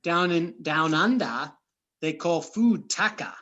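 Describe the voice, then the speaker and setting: A man's voice: fairly high pitch, lively intonation, takes it slowly, lo-fi sound, background noise. A man hosting a casual chat over a computer mic, rambling and often interrupting himself. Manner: rambling, chatty, self-interrupting. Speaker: host.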